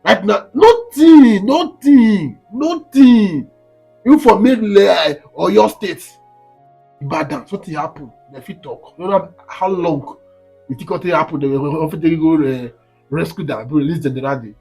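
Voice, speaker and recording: A man's voice: fairly high pitch, moderate pace, gravelly, darkish tone, breathy edge, faint music behind. A man with a Nigerian Pidgin accent giving indignant commentary to camera, firing off rhetorical questions.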